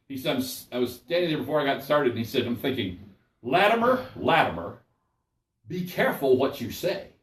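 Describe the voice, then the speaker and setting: An older man and pastor leading a Bible study sermon in a folksy, conversational way, often checking in with his listeners. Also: mid-range voice. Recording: echoey room, mic at a distance.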